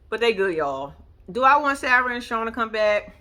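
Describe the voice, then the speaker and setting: A woman's voice: medium pitch, lively intonation, moderate pace, pushed and bright. A woman hosting a casual reality TV recap, blunt, profane and sassy, talking straight to her viewers.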